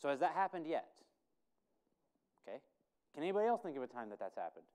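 Clear-voiced pastor quizzing his congregation. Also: fairly high pitch, sing-song, fast, darkish tone. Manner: conversational, quizzing listeners, thinking aloud. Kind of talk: sermon with questions to the congregation.

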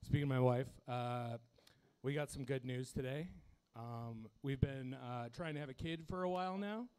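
A man's voice: medium pitch, moderate pace, a little mellow, clean tone. A young man doing a crude, self-deprecating stand-up set, laughing at his own jokes. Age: young adult. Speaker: stand-up comedian.

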